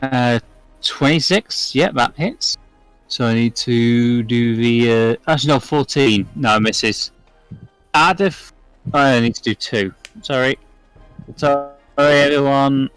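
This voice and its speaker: A man narrating as game master of a tabletop game, often pausing to apologize and look through his notes. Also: medium pitch, a bit bright, clear, resonant tone, soft background music.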